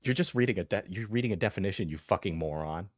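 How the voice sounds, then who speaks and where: A man's voice: sits low, animated, fast talker, dry recording. Guy streamer ranting and cussing over clips, dry close mic, laughs a lot. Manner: profane, mocking, loud and laughing. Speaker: streamer reacting to videos. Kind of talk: casual live-stream commentary.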